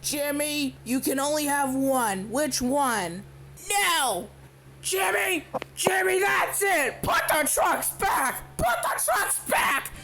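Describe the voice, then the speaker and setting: A teenage boy voicing over comedy clips in squeaky put-on voices, often screaming. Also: expressive, slow, vocal fry, shouting, heavily acted. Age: teens.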